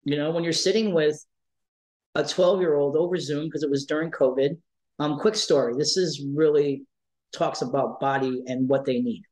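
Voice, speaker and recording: A man's voice: a little high, fairly even intonation, moderate pace, a little mellow, low-quality recording. Emphatic man telling stories. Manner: emphatic, repeats key phrases for weight. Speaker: life coach for trans and non-binary youth. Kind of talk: conversational interview storytelling.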